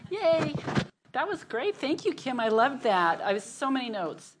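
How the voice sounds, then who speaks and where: A woman's voice: high voice, measured pace, background noise. A middle-aged woman leading a women's church group, telling a story with frequent laughter and then praying. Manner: chatty, laughing often, animated storytelling. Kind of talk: casual group announcements and prayer.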